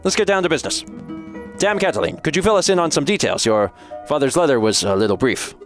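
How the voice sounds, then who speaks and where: A man voicing a dignified bird lawyer who speaks in a low, measured, dry way. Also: lively intonation, soft background music, natural voice.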